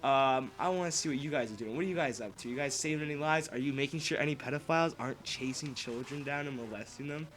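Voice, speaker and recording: A man's voice: medium pitch, fast talker, few pauses, a little hiss or hum. Profane rambling young man. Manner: profane, rambling, swings between loud outbursts and muttering. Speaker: vlogger. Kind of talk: casual ranting monologue to camera.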